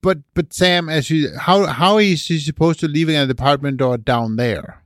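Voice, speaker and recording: A podcast co-host chats casually in a fairly high, slightly bright voice at a moderate pace, recorded with studio quality and no echo. He reasons out loud, questioning and often seeking agreement with "right?"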